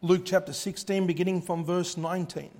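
A man with a notably high voice delivers a fervent sermon. He drops to near-hushed tones and then swells to loud cries. He reads scripture in old-fashioned wording. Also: level tone, a little fast. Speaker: preacher.

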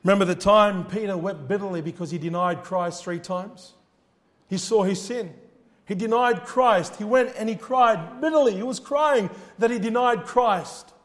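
Speaking at normal speed, a male preacher with a strikingly high voice delivers an impassioned sermon. His volume falls almost to a hush and then rises into loud cries, and the scripture he reads uses old-fashioned language.

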